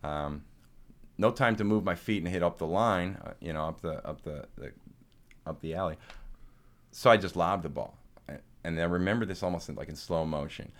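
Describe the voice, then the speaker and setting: A man with a very deep voice tells a story in a relaxed, chatty way. He swears freely, laughs along and often restarts his sentences. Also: moderate pace. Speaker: podcast co-host. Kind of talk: casual storytelling chat.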